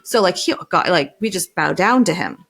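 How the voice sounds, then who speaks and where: A woman's voice: on the low side, expressive, moderate pace, creaky, a bit bright, slightly rough. A middle-aged woman co-hosting a podcast, telling a family story in casual chat, acting out quotes and swearing freely. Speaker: podcast co-host.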